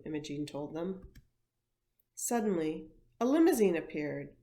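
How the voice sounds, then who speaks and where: A woman, an education coordinator, reading a picture book aloud with expressive storytelling. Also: mid-range voice, a little slow.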